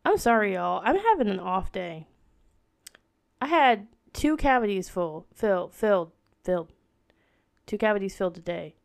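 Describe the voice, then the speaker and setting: Gravelly woman rambling on her podcast. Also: mid-range voice, lively intonation, moderate pace, long pauses. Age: 30s. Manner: rambling, full of "like" fillers and restarts. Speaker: podcast host. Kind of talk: casual solo podcast chat.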